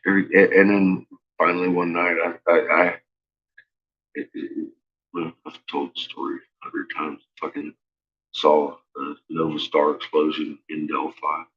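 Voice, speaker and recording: Low-voiced man, cursing and rambling. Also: little pitch movement, moderate pace, dull audio. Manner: profane, stammering, rambling. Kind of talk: casual rambling monologue.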